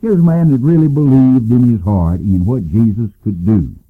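Older man, Bible teacher, folksy conversational talk, husky voice, tinny phone-like radio sound. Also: mid-range voice, moderate pace. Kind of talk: informal Bible lesson.

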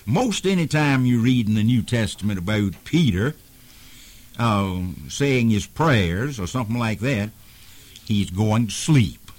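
A man teaching the Bible on a radio program, in a folksy, conversational way with frequent pauses and fillers. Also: on the low side, animated.

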